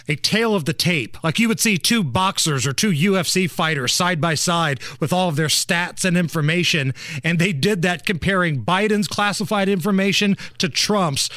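A man's voice: high-pitched, sharp tone, dry recording, studio quality. A man hosting a political talk show, laying out the story and firing off pointed rhetorical questions. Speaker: host.

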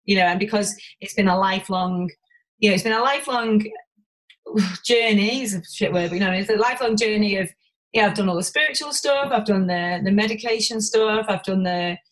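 Fast-talking woman. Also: medium pitch, poor audio. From Warrington, England. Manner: rapid, animated, swears freely, many restarts. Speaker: podcast guest, business owner. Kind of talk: candid conversational interview.

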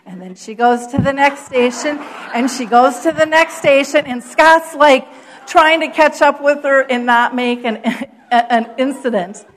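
Middle-aged woman giving a keynote, kinda high voice, animated storyteller who laughs a lot. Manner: animated storyteller, acts out quotes, laughs often. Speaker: keynote speaker.

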